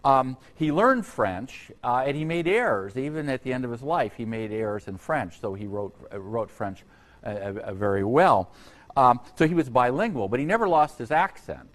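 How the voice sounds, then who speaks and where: A man giving an unscripted university history lecture, halting often on fillers and restarts, with conversational asides to his students. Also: medium pitch, lively intonation. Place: lecture hall.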